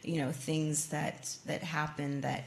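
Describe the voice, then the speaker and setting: A woman's voice: deep voice, little pitch movement, slow, gravelly, a little hiss or hum. A young woman, a ballet dancer, answering audience questions earnestly, with fillers and restarts. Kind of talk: audience Q&A talk. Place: museum event space with an audience.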